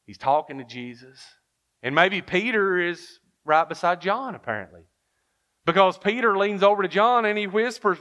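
Preacher guy, slightly high voice, lively storytelling sermon, keeps asking the crowd questions. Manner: animated storytelling with rhetorical questions; reads King James verses aloud.

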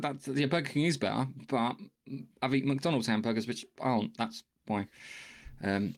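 A man co-hosting a casual podcast, talking excitedly with frequent restarts and swearing. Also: mid-range voice. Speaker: podcast co-host.

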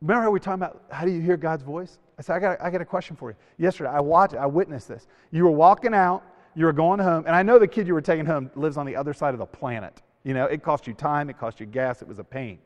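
Youth speaker: a man with a slightly high voice, animated storyteller, long hall reverb. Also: fast, hardly any pauses, dull audio. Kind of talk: sermon to a youth camp.

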